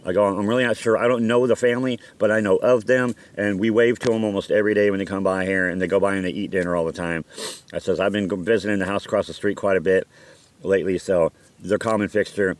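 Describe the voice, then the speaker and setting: A man's voice: deep voice, fairly even intonation, fast. A man telling a story from his own life in a casual, blunt, profane way, acting out heated quotes. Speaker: storyteller recounting a personal incident.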